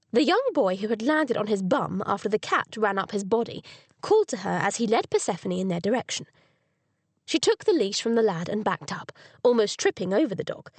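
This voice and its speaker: A woman reading a cozy mystery audiobook as narrator, with expressive storytelling on a close studio mic. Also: mid-range voice, fairly quick, no echo. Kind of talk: scripted narration.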